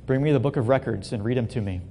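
A man's voice: fast, vocal fry, dark tone, lightly acted. A man voicing an ancient king who is restless and easily stirred, in casual modern phrasing. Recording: long hall reverb, faint rumble.

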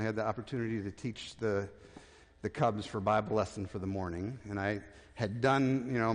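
A man preaching a sermon as pastor, conversational, with restarts, and dropping to a hushed voice for tender points. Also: on the low side. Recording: reverberant church hall.

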